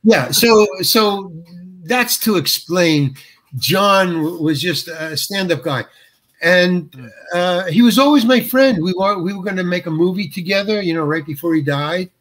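A man's voice: high-pitched, lively intonation, measured pace, a bit bright. An older man, an actor guest, tells stories in an interview. He stops and restarts often and chuckles as he goes. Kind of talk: anecdotal interview storytelling.

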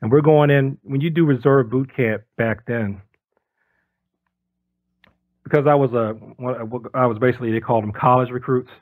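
A man in his forties, a guest on an interview show, telling stories in a lively way and acting out the voices of the people in them. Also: medium pitch, normal speed, pauses often, no room sound, narrow, tinny audio. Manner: lively storyteller who acts out quoted voices. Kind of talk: casual storytelling interview.

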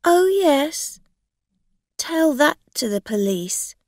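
A woman's voice: sits high, very animated, slow, no room sound, clean studio sound, pitched above the performer's own voice, exaggerated voice. A woman voicing a scheming con woman who makes blunt, accusing demands. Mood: demanding.

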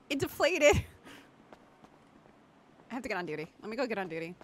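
A woman streaming in character as a doctor in a roleplay game, talking excitedly and gushing, with frequent laughter. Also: fairly high pitch, a little fast, long pauses, slight background noise.

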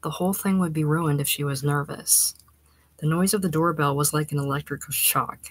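Low-voiced woman reading a story. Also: slightly rough, no room sound. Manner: steady, even-paced storytelling, dropping to a hushed near-whisper in tense passages. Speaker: reader. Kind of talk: audiobook narration of a short story.

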